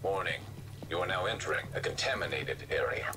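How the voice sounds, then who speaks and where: A man's recorded voice giving a flat, calm, clipped automated announcement in a game. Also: low-pitched, brisk, noisy background.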